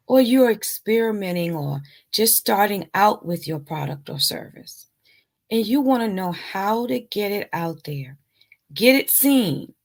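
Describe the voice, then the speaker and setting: A woman's voice: mid-range voice, creaky. A woman co-hosting a live online show, chatting casually and playfully as she promotes an event. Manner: playful and lively, breaks into silly rhyming ditties.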